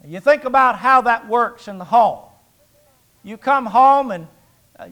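Older guy preaching, really high voice, chatty and folksy, asks the crowd questions. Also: a little slow, long pauses, a bit bright. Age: 60s. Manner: folksy, conversational, jokes and rhetorical questions. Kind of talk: sermon.

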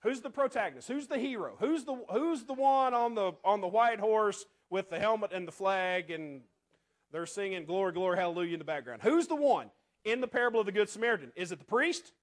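Man, preacher, high voice, sermon, rhetorical questions, soft asides. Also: lively intonation, a little fast.

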